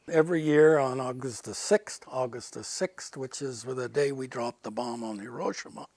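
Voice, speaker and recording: In a relaxed interview, a retired Air Force general, now an older man, shares earnest stories and drives points home by repeating words. He has a mid-range, slightly mellow voice, and the recording is dry.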